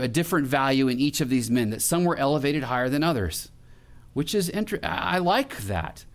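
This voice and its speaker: A middle-aged male pastor preaching a sermon in a conversational way, with restarts and questions put to the congregation. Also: a little high.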